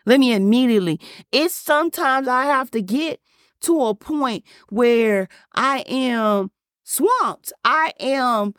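A woman pastor delivers an emphatic, repetitive sermon, reading scripture slowly aloud. Her voice sits on the higher side, recorded close and dry with no room sound. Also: lively intonation, fairly bright tone, no room sound.

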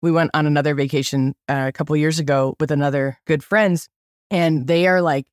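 A middle-aged woman hosting a podcast, telling a story in an animated, chatty way with lots of likes and okays. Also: low-pitched, brisk, no room sound, clean studio sound. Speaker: podcast host. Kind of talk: casual storytelling.

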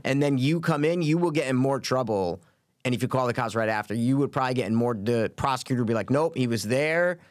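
A man's voice: medium pitch, quick pace, no room sound, clean studio sound. A man co-hosting a podcast, chatting casually and joking around with a friend, swearing freely. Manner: animated, jokey, swears freely. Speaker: podcast co-host. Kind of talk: casual chat.

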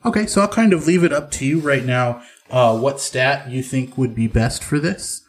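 Man, game master, tabletop role-play, middle pitch, relaxed, halting. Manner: relaxed, hesitant with many fillers. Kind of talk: narrating and voicing characters in a tabletop game.

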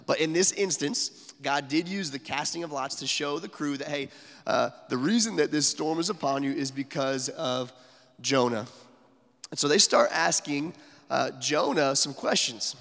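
A man's voice: a little high, expressive, moderate pace, vocal fry, fairly bright tone, big-room sound. A man preaching a sermon in a casual, conversational way, full of fillers, sometimes dropping almost to a whisper for emphasis. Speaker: pastor.

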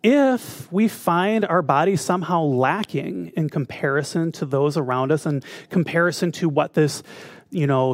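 A man's voice: fairly high pitch, no echo, studio quality. A conversational male minister giving a spiritual talk. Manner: conversational, asks the audience questions.

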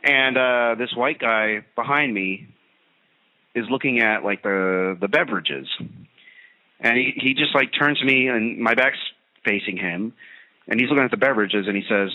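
A man's voice: lowish voice, measured pace. Ranting man on a tinny radio line. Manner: ranting, sarcastic, animated storytelling. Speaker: radio talk show host. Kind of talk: comedic monologue.

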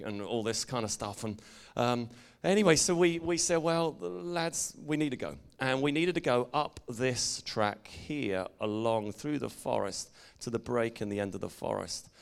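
A man's voice: medium pitch, unhurried, creaky, clean tone. An English preacher telling a playful, jokey story to his congregation and teasing the listeners as he goes. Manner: playful, jokey, engages the audience.

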